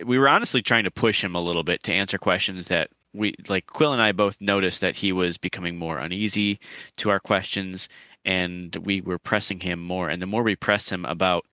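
Bright-toned low-voiced man at the table. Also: steady tone, normal speed, no echo. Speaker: player. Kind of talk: tabletop role-play.

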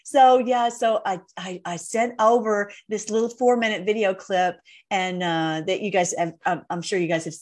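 A woman host talking casually to her viewers, rambling and emotional with deep thanks. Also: steady tone, moderate pace, hardly any pauses, darkish tone. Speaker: online video host. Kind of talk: casual direct-to-camera talk.

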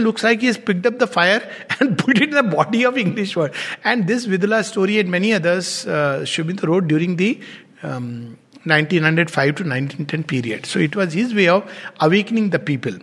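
Male lecturer, high voice, chuckles between lines, explains as he reads, long hall reverb. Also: lively intonation, brisk, a bit bright, slightly rough. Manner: laughs often, stops to explain. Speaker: teacher. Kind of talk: lecture with poetry readings.

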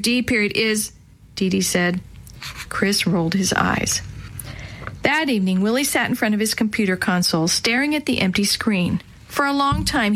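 A woman's voice: mid-range voice, a bit bright. Woman narrator, children's storybook reading, light character voices.

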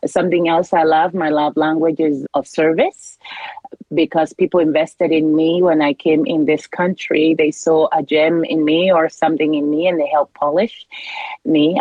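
A middle-aged woman from Kenya, a podcast guest, telling her story in an animated way with frequent laughter. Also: low voice, no echo, dull audio. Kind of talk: casual interview conversation.

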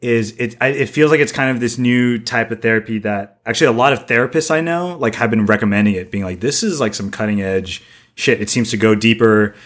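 A man co-hosting a podcast talks quickly with few pauses, his mid-range voice fairly bright. The chat is casual and wandering, packed with "like" fillers.

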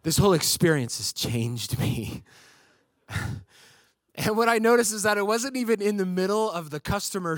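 Male pastor, higher voice, dry close mic; conversational sermon delivery with humor. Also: a bit bright, no echo. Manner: storytelling with comic voice impressions.

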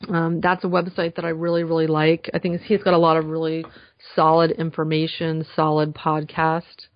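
A woman's voice: low-pitched, monotone, moderate pace. A woman speaking as a guest in a casual podcast interview, earnest and enthusiastic, with frequent fillers. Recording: dull slightly lo-fi dry sound.

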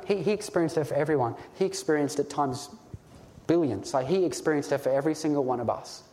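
A man's voice: fairly high pitch, darkish tone. A man preaching a sermon in an earnest, pleading way, sometimes stumbling over his words when stirred. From Australia.

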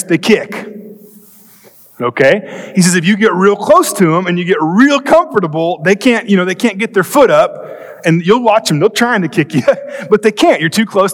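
A pastor with a high voice delivers a storytelling sermon, telling a comic story from the pulpit. He's animated, racing ahead in quick bursts and then drawing words out with long pauses, while a church hall's long reverb rings around him.

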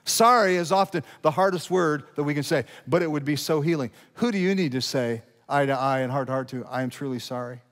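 A man's voice: a little high, fairly quick, few pauses, fairly bright tone, long reverb tail. A male pastor preaching a sermon in a conversational style, asking rhetorical questions and building to emphatic peaks.

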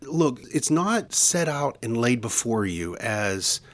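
A man co-hosting a devotional podcast, teaching in an earnest, preacherly way and slowing down for emphasis. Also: mid-range voice, very animated. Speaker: podcast co-host.

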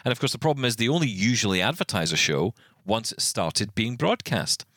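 A man with a low, deep voice co-hosts a podcast, his pitch swinging widely as he rants in exasperation. He stumbles over restarts as he talks in casual chat, recorded dry and close with no room sound. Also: brisk, husky, no room sound. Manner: animated, exasperated ranting with many restarts. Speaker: podcast co-host.

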